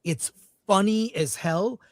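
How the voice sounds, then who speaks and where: A man hosting a casual film-talk panel, speaking in an animated, enthusiastic way. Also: high-pitched, slow pace, dry recording. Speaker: show host.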